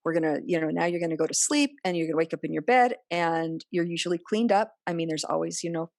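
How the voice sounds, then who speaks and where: A woman's voice: lowish voice, fast, gravelly, a little mellow, dry recording, clean studio sound. A woman speaking earnestly as a podcast guest, often acting out remembered dialogue in other voices. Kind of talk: personal interview conversation.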